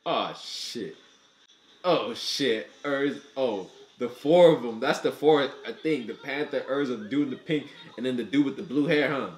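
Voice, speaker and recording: A man giving casual, profane reaction commentary while he watches an anime, excitable and thinking out loud. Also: medium pitch, moderate pace, reverberant.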